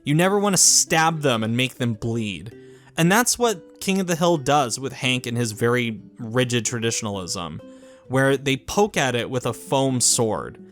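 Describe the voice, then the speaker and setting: A man's voice: mid-range voice, lively intonation, measured pace, faint music behind. A man giving a casual, earnest video review, talking in a rambling way with restarts and "like" fillers. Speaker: YouTube reviewer.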